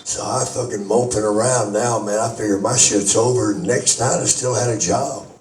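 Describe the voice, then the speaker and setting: A man's voice: lowish voice, fairly even intonation, normal speed, darkish tone, a little hiss or hum. A man, a wrestler, telling locker-room stories to fans in a casual, profane way, swearing constantly and laughing through his punchlines. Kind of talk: casual anecdote storytelling. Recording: roomy echo, voice picked up from a distance.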